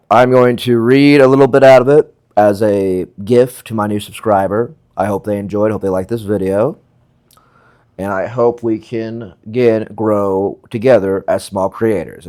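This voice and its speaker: A man's voice: fairly low pitch, darkish tone. A man, a small video creator, chatting casually in a rambling way and interrupting himself with asides. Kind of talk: casual vlog chat.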